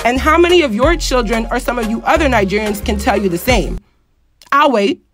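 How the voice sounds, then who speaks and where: A woman's voice: a little high, fast, faint music behind. A woman in her early twenties with a Philadelphia American accent, talking to camera in an outspoken, emphatic vlog monologue that rises sharply when she gets annoyed. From Philadelphia, United States. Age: early 20s. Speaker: vlogger. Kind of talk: opinionated casual monologue.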